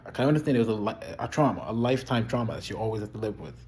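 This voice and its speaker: Low-voiced man, blunt and rambling. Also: animated, very fast, a little mellow, slight background noise. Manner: candid, rambling, profane, blunt opinions. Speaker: video creator reviewing a TV show. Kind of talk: casual chat.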